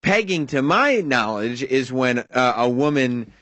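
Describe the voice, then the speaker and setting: A male talk radio host at a studio microphone, joking and teasing his guests in loose, casual banter. His voice sits at an ordinary middle pitch, and the room sound is dry and close, with no echo. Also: animated, measured pace, a bit bright. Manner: joking, teasing, laughs often.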